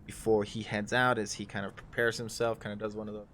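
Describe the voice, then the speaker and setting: A man narrating as game master in a live tabletop game, loose and halting with lots of fillers. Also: lowish voice, level tone, fairly bright tone.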